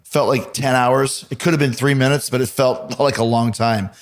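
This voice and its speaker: Male podcast host, loose storytelling, casual cursing, mid-pitched voice. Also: moderate pace. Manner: lively anecdotes with casual swearing and laughs.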